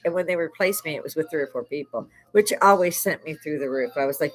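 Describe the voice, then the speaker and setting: A lowish, fairly bright female voice comes through fairly quickly on a low-quality recording. The speaker is an older army veteran from Chicago hosting a casual live stream chat, foul-mouthed and quick to laugh between stories.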